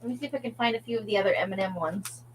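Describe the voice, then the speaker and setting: A woman's voice: medium pitch, fast, a little hiss or hum, rough recording. A woman hosting a casual crafting livestream from her craft space at home, rambling and talking to herself as she digs through her supplies. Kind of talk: casual live-stream chat.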